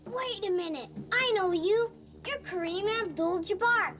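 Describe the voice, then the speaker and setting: A man's voice: extremely high pitch, measured pace, fairly bright tone, muffled recording. A young boy passenger eagerly pestering a pilot, in a movie clip played on the radio. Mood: insistent. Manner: eager, insistent.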